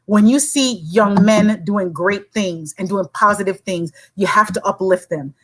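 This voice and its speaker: A woman's voice: medium pitch, unhurried, low-quality recording. A woman from Saint Croix, talking as a podcast guest in an earnest, encouraging way. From Saint Croix, U.S. Virgin Islands. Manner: earnest, encouraging, talks in long runs. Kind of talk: casual chat.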